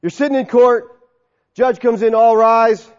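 Animated high-voiced preacher in a reverberant hall. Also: male voice, measured pace. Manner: soft, quiet prayer. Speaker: pastor. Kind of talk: sermon. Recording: long hall reverb, dull sound.

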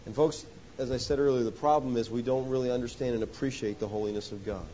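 A man preaching a sermon, rising to loud emphatic points and dropping to hushed lows, often calling listeners "folks.". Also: steady tone, fast talker. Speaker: pastor. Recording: dull lo-fi sound with faint hiss.

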